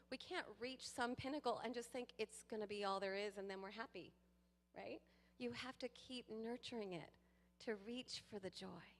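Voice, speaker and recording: A woman giving a sermon to a congregation, lively and playful, with laughing asides to the people in the pews. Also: a little high. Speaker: guest speaker. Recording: long hall reverb.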